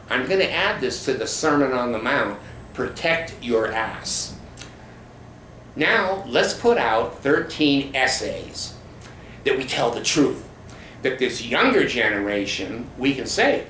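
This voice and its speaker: Slow, indignant man in an echoey room. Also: medium pitch, sing-song, fairly bright tone, slight background noise. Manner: indignant, profane, slow and emphatic. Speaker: former glazier ranting about his church. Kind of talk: angry monologue vlog. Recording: roomy echo with faint ambience.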